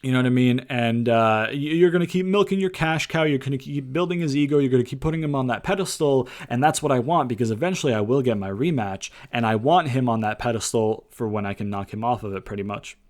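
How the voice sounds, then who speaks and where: A man's voice: medium pitch, darkish tone. Rambling casual man reviewing wrestling. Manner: loose and rambling, full of fillers and casual swearing; slips into quick impressions when retelling lines. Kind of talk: casual spoken show review.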